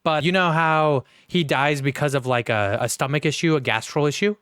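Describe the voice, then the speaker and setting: A man's voice: fairly high pitch, moderate pace, a bit bright, clean tone, no echo, studio quality. A man co-hosting a podcast, chatting casually and ranting heatedly with lots of swearing. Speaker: podcast co-host. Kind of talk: casual chat.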